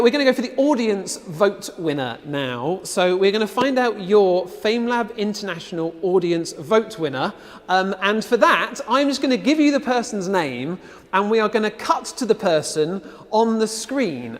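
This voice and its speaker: A man's voice: high-pitched, very animated, normal speed, big-room sound. A man hosting a live online event, upbeat and chatty with frequent fillers. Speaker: host.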